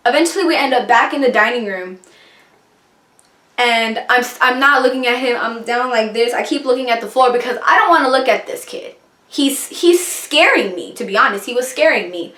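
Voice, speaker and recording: A woman's voice: a little high, fairly quick, pushed and bright, roomy sound. A young woman vlogger telling a personal story in a rambling, casual way, full of fillers. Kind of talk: storytime vlog, casual retelling.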